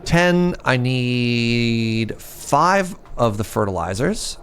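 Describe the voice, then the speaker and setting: A man's voice: mid-range voice, lively intonation, very slow, fairly bright tone, soft background music. A man streaming a game, chatting and joking playfully with his viewers while thinking aloud. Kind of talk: casual gameplay chat with viewers.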